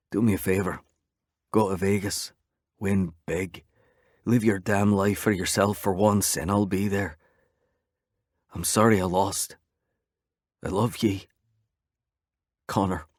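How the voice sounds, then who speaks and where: A man voicing a gruff but loving older brother, with a soft, subdued delivery. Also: lowish voice, no room sound, studio quality.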